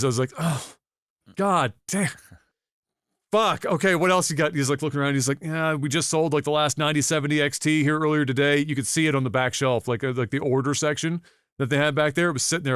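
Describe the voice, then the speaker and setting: A man's voice: medium pitch, smooth, no echo, clean studio sound. A man co-hosting a podcast, telling a story casually with lots of swearing and acted-out reactions. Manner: animated, profane, acts out his own reactions. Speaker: podcast co-host.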